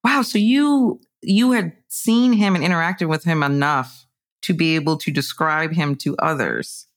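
Female interviewer, deep for a woman, attentive and reflective. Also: measured pace.

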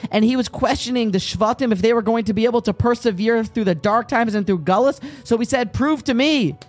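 A man from Virginia giving a folksy, storytelling Torah talk and speaking straight to his listeners. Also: sits high. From Virginia, American South. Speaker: Torah teacher.

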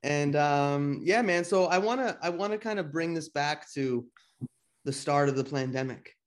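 A man's voice: fairly high pitch, normal speed. Laid-back man hosting a podcast. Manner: relaxed, loose, swearing casually. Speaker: podcast host. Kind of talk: casual podcast interviewing.

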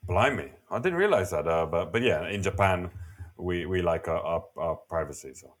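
A man co-hosting a podcast, talking in a relaxed, casual way. His voice sits a little low, and his humor comes out dry and wry. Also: normal speed. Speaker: podcast co-host.

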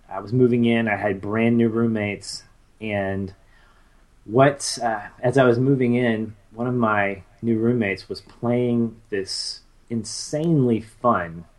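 Low-voiced guy in his 30s, rambly podcast co-host, lots of ums. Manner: rambling, with many fillers and restarts. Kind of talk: casual chat.

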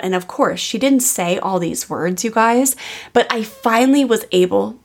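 A woman's voice: medium pitch, moderate pace, creaky. A woman in her thirties, a podcast host, telling a personal parenting story in a candid, casual way with many fillers.

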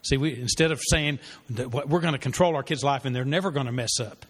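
A pastor talks fast in a medium-pitched, husky voice with a fairly bright tone as he leads a church parenting class. His sermon-style teaching with a story comes across as earnest and conversational, with fillers and restarts, under long hall reverb.

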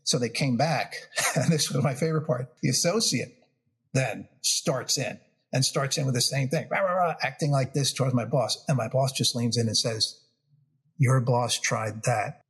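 A man's voice: mid-range voice, moderate pace. A man in his fifties from New York, with a New York accent, telling negotiation stories as an interview guest and acting out the quotes. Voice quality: husky, gravelly. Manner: animated storyteller, acts out quotes. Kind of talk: storytelling interview.

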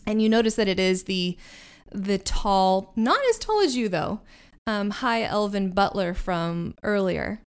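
A woman's voice: mid-range voice, animated, a little slow, clean tone. A woman narrating a tabletop role-playing game as game master, describing scenes and laughing often.

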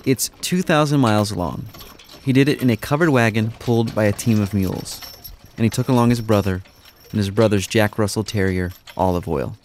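Low-voiced man narrating a radio story. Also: a little hiss or hum. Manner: measured, storytelling. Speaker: podcast host, narrator.

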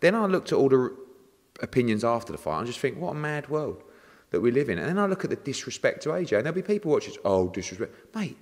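Animated ranting man. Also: medium pitch, quick pace. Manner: animated, swearing, ranting with acted-out exchanges. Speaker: boxing promoter, interview guest. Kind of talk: casual interview. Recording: long reverb.

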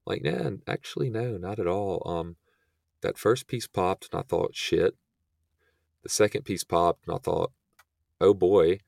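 Young guy with a deep gravelly voice, laid back storytelling with lots of ums and likes, dry close mic. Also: normal speed, no room sound. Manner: relaxed, filler-heavy retelling. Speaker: podcast guest. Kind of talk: casual storytelling.

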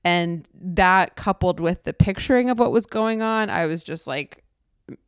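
A young woman tells a personal story with emotion, stumbling through fillers and restarting her sentences. Her voice sits a little low and sounds smooth. The recording is dry and close, with no room sound. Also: a little slow, dry recording. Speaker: podcast host.

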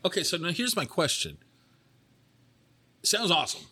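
A man's voice: high voice, sing-song, normal speed, sharp tone, breathy edge. A man hosting a casual interview podcast. He teases his guest and often restarts his sentences. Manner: rambling, restarts sentences, teasing. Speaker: podcast host.

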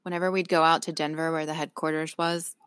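A woman's voice: sits low, little pitch movement, quick pace, fairly bright tone, clean tone, dry recording, studio quality. A woman with a slight Southern accent, hosting a podcast in a talkative, storytelling way and laughing easily. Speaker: podcast host. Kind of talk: casual chat. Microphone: own microphone.

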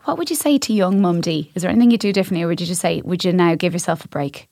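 Woman host, chatty and self-mocking, talks fast, dry close mic. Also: fairly low pitch, vocal fry, a little mellow, no echo. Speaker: podcast host. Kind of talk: casual chat.

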